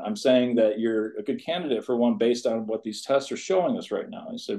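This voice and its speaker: Fast and with hardly a pause, a man in his fifties speaks in a low, steady, dark voice. He's a college tennis coach telling a personal story on a podcast, earnest and rambling, with plenty of asides.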